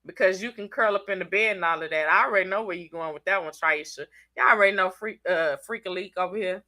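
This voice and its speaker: A woman's voice: on the low side, fast talker, hardly any pauses, pushed and bright. A congested woman with a Southern US accent, hosting a casual live stream, chatting in slang and teasing viewers by name. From Southern United States. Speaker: channel host reading live chat.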